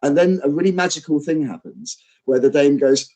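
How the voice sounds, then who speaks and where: A male professional wrestler and trainer, a guest telling stories in a casual interview, animated and acting out quotes. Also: a little high, fairly quick, hardly any pauses, poor audio. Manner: animated, acts out quotes, fillers and restarts.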